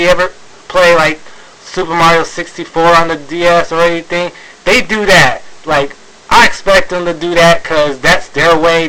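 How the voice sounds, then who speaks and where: A man's voice: sits high, pushed and bright, poor audio. A man ranting in a video commentary, exasperated, sighing, with many fillers and restarts. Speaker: video blogger.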